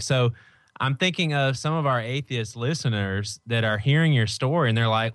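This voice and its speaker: A man's voice: medium pitch, moderate pace, fairly bright tone, dry recording, studio quality. A man hosting a podcast, asking questions casually and stumbling a little as he starts them. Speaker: podcast host. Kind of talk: casual interview chat.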